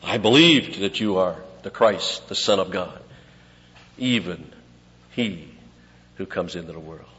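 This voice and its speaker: A man preaching an expository sermon, teaching conversationally and dropping to quiet asides between points. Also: low-pitched, expressive, measured pace, pauses often. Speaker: pastor. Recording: lo-fi with long hall reverb.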